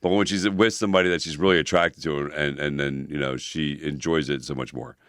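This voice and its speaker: A man co-hosting a casual advice chat show, lively and swearing a lot as he talks about his own life. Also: very deep voice, fairly quick, smooth, no echo, studio quality. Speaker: podcast co-host, personal trainer.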